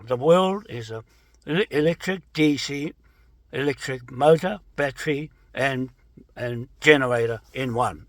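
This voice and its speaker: A middle-aged man giving a rambling public statement, ranting and swearing, repeating himself, with sudden loud outbursts and slow drawn-out phrases. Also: medium pitch, no room sound. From New Zealand.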